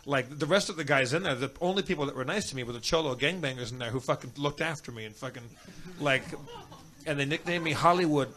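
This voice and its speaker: A man's voice: mid-range voice, fast talker, background noise. A young man telling a rambling, profane jail story as a guest on a comedy podcast.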